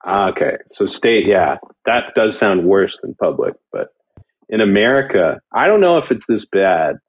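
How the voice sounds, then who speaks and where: Man from Canada, podcast host, casual chat, husky, very lively pitch. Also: moderate pace, dull audio. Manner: animated, laughing, slips into mock accents.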